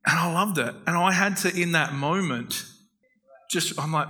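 A man preaching a sermon in an easy, conversational way and weaving in earnest personal stories. His voice is very bright and sharp-edged. It also sits a little higher than most men's. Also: normal speed, poor audio. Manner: earnest, storytelling, warm-hearted anecdotes. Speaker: pastor.

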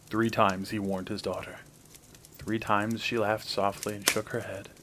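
Low-voiced man reading a fairy tale. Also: flat delivery, measured pace, background noise. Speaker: storyteller host. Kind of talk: scripted storybook narration.

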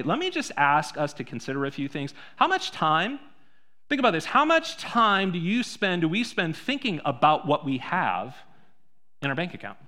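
A man preaching a sermon in a church, conversational, full of rhetorical questions, swinging between soft and loud. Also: fairly high pitch, sing-song, moderate pace. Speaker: pastor.

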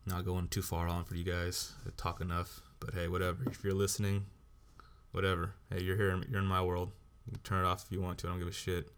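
A man's voice: low voice, little pitch movement, fairly quick, a bit bright, clear, resonant tone. A man hosting a solo podcast, ranting bluntly and swearing heavily as he talks. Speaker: podcast host.

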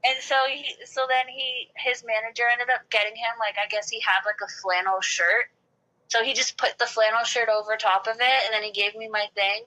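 Chatty bright-voiced woman telling stories. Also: a little high, steady tone, brisk, poor audio. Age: late 20s or older. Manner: chatty, lots of "like", acts out quotes. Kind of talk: casual storytelling.

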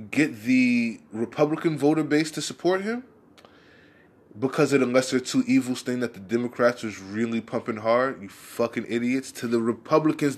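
Young man, profane heated rant, casual vlog delivery, middling pitch. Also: a bit bright. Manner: profane, heated, rambling with restarts. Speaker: vlogger.

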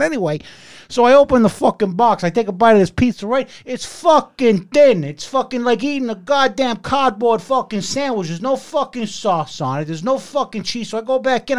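A man putting on a brash, hot-headed middle-aged Italian-American man who rants and curses loudly with a swaggering delivery. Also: sits high. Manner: loud cursing rant, swaggering.

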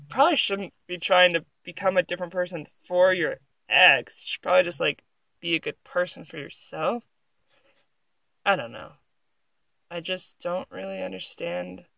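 A young adult vlogger at home reads an article aloud into a phone, adding sarcastic, giggly, rambling commentary as a casual reaction. The voice is mid-range with vocal fry and a sharp tone, and the recording is dry.

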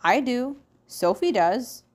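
A woman's voice: a little high, animated, takes it slowly, pitched above the performer's own voice. A woman voicing a curious young schoolboy who keeps asking puzzled questions in a storybook reading.

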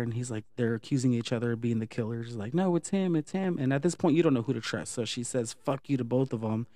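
A man's voice: mid-range voice, dark tone, no echo, clean studio sound. Laid-back cussing man recapping a movie. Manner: profane, laid-back retelling with quick acted quotes.

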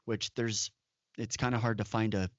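A man's voice: on the low side, steady tone, moderate pace, dry recording. Man, podcast co-host, opinionated, dry and dull lo-fi sound. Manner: opinionated, emphatic asides. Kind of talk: casual chat.

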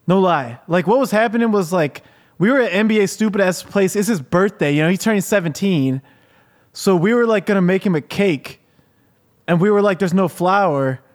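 A man voicing a high, earnest rapper guest. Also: normal speed, lightly acted. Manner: earnest, defensive, rambling. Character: male clueless young rapper guest, defensive. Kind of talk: improvised comedy podcast, deadpan parody.

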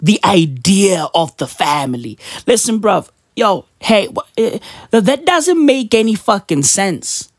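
A woman's voice: mid-range voice, very animated, unhurried, few pauses, dry recording, studio quality. Profane, slangy woman ranting. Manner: profane, slangy, emphatic, mocking. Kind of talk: casual ranting chat.

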